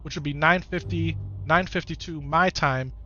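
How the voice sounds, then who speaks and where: A man's voice: fairly high pitch, normal speed, bright, forceful tone, muffled recording, a little hiss or hum. Chatty Wisconsin-accented streamer man. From Wisconsin, United States. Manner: chatty and easygoing, often repeats his own phrases. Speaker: game streamer. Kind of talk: live gameplay commentary while reading chat.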